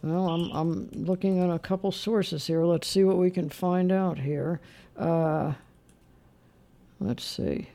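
A woman's voice: lowish voice, fairly even intonation, slow pace, creaky, warm tone. A woman hosting a call-in radio show, chatting cheerfully with callers and thinking aloud with plenty of fillers. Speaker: radio host. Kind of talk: casual call-in radio chat.

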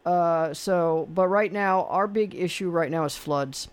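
A man's voice: fairly high pitch, a little slow, clear, resonant tone. A man hosting a call-in radio show, chatting bluntly and opinionatedly with callers and running a quiz. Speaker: radio host.

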